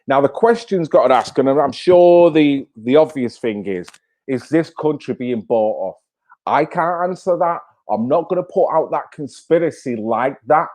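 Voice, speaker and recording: A man's voice: medium pitch, expressive, measured pace, darkish tone. Fired-up blunt Englishman ranting. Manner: blunt, swearing, fired-up rhetorical questions. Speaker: channel host. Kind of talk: casual live-stream commentary.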